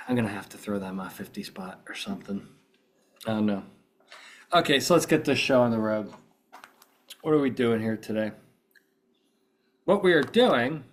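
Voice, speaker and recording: A man's voice: medium pitch, fairly bright tone. Man, middle-aged, podcast host, casual chat, groggy, rambling storytelling. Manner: rambling, chatty storytelling with many restarts. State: groggy, just woken up.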